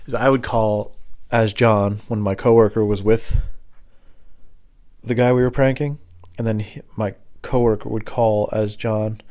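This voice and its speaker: A man's voice: lowish voice, flat delivery, unhurried, a little mellow. A young adult man telling a story in a loose, meandering, self-mocking way, swearing casually. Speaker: host.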